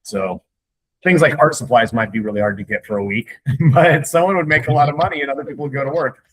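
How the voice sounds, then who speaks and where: A man's voice: medium pitch, fast talker, husky, poor audio. A man talking loosely in a casual weekly meeting. He rambles from story to story, swears freely and laughs often. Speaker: meeting participant. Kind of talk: casual group discussion.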